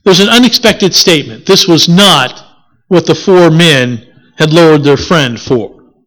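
Lively preacher with a wide-ranging pitch. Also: measured pace. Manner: lively, expressive delivery with rhetorical questions; corrects themselves mid-sentence. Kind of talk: sermon.

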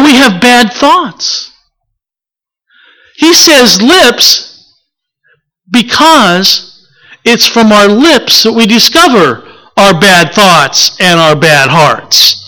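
High, bright-voiced male preacher. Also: rough recording. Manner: reflective, unhurried, with rhetorical questions. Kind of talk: sermon.

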